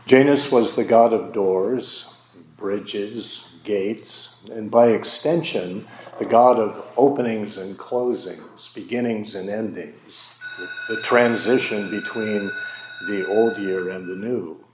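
A man preaching a sermon as a pastor, slow and emphatic with dramatic pauses. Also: fairly low pitch, a little mellow, echoey room, slight background noise.

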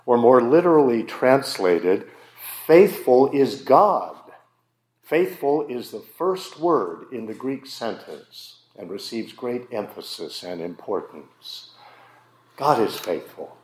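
A man preaching a sermon as a pastor, slow and emphatic with dramatic pauses. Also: medium pitch, lively intonation, darkish tone, reverberant.

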